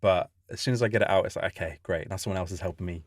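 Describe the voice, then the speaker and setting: A man's voice: sits low, racing, no echo, studio quality. A man co-hosting a parenting podcast, speaking candidly and thoughtfully about being a father. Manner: candid, reflective. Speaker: podcast co-host. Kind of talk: casual chat.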